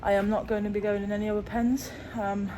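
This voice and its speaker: A woman's voice: medium pitch, little pitch movement, fast, warm tone, slight background noise. A woman, a sheep farmer, chatting casually with lots of ums while doing her chores outdoors. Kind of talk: casual farm vlog chat. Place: outdoors on a farm.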